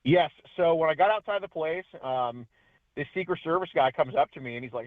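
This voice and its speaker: A man calling in as a guest, telling his story in a chatty, animated way with frequent laughs. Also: fairly high pitch, fast, dry recording. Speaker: guest, independent journalist. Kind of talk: casual phone interview. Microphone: phone. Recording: tinny phone line.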